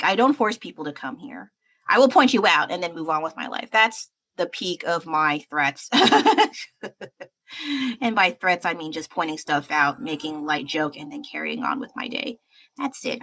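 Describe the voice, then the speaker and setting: A woman's voice: fairly low pitch, bright, forceful tone. A young American woman livestreaming while she paints, chatting in a rambling, self-deprecating way with fillers and laughs. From United States. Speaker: livestreaming artist.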